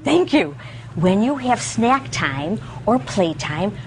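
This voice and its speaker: A woman leading an interactive lesson for young children, with an animated sing-song teacher voice that swoops high when she praises them. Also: slow pace, a little hiss or hum. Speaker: visiting presenter teaching children. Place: school room with children.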